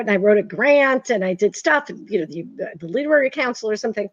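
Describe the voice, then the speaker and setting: A woman in her sixties from Massachusetts, an author telling stories as a guest in a casual interview, animated and self-deprecating. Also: on the high side, fast, few pauses, no room sound. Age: 60s. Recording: dull, dry sound.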